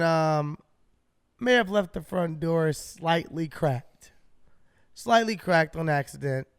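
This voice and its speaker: High-voiced man telling a story. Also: clean tone, no room sound, clean studio sound. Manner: animated, swearing, acts out his own shouts. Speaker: podcast co-host. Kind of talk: casual storytelling.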